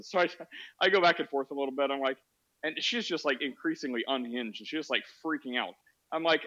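A man's voice: mid-range voice, brisk, bright, forceful tone, highs cut off. A man hosting a podcast, telling a story in a sarcastic, laughing, casual way on a social audio app. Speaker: podcast host.

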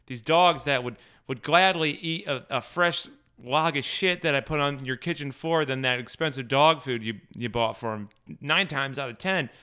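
A man's voice: medium pitch, moderate pace, few pauses, pushed and bright, smooth. A man ranting in an exasperated, sarcastic way, swearing constantly and stumbling over restarts when worked up. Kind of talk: profane comic rant.

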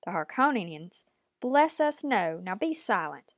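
A woman's voice: mid-range voice, big pitch swings, measured pace, no room sound. A woman voicing a stern, commanding old woman who gives clipped, imperious orders, in a dry, close recording.

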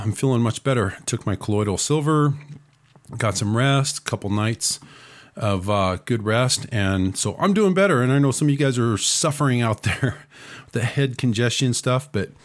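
A man at a middle pitch hosts a talk radio news and commentary show while he recovers from a cold. He speaks around a lozenge, leans on "uh" fillers and drops sarcastic asides. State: recovering from a cold, talking with a lozenge in his mouth.

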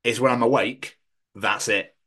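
A man co-hosting a podcast, chatting casually and telling crude, animated stories with voices thrown in. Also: medium pitch, measured pace, breathy edge. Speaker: podcast co-host. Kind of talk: casual banter.

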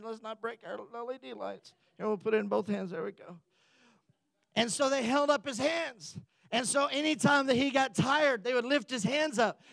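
A man's voice: high voice, fairly bright tone, no room sound. A man preaching a sermon as the pastor, telling the story in a joking, conversational way.

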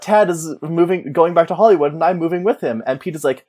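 A man's voice: on the high side, fairly quick, hardly any pauses, darkish tone. A man in casual chat, animatedly retelling a movie's plot and acting out the characters' lines. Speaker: podcast co-host.

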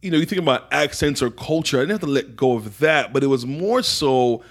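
A man from England with an American accent, a guest telling his story in a relaxed, reflective way and often saying "man". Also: mid-range voice, fairly quick. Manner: laid-back, reflective, peppers talk with "man". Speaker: podcast guest, poet and entrepreneur. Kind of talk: casual conversational interview.

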